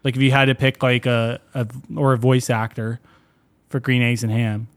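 A man's voice: medium pitch, flat delivery, normal speed, dry recording. A man with a mid-range voice trades jokes on a podcast, teasing his co-host and swearing casually. The recording is dry and close, with no room sound. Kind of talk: casual chat.

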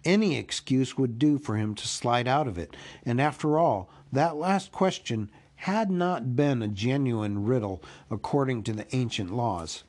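A man reading a classic storybook aloud as host of his own podcast, in a slow, expressive manner. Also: mid-range voice.

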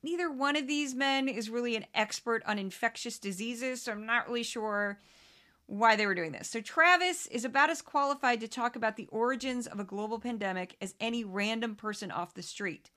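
A woman's voice: a little high, a little fast, sharp tone. A woman from St. Louis with a Southern-Midwestern accent, hosting a podcast and chatting candidly about news clips. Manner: candid, chatty, laughs often, self-aware asides. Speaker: podcast host. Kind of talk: casual commentary on news clips.

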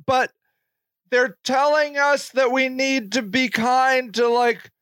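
A man's voice: very high-pitched, moderate pace, a bit bright, dry recording, studio quality. A man in his forties hosting a solo podcast, rambling and joking in casual talk and swearing freely. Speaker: podcast host.

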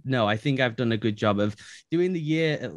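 A man's voice: medium pitch, animated, normal speed, dry recording. A man from England with a Liverpool accent, co-hosting a podcast in casual chat and laughing often. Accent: English, Liverpool. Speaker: podcast co-host.

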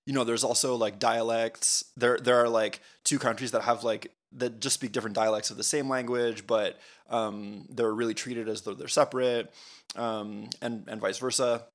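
A man's voice: mid-range voice, fairly even intonation, normal speed. A man co-hosting a podcast, explaining things in a thoughtful, casual way with frequent fillers. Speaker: podcast co-host.

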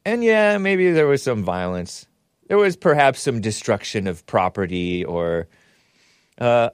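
A man hosting his own show, speaking in a steady mid-range voice with a sarcastic edge. He rambles and corrects himself as he goes, tossing in side remarks. His voice is close and dry, with no room sound around it. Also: mid-range voice, clean tone, no echo. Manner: rambling, sarcastic, with frequent self-corrections and asides. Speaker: show host. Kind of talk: casual live-stream political commentary.

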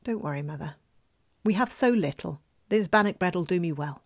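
A woman's voice: lowish voice, expressive, moderate pace. A woman voicing a humble, kind young farm boy in a storybook tale, speaking in an earnest, eager way.

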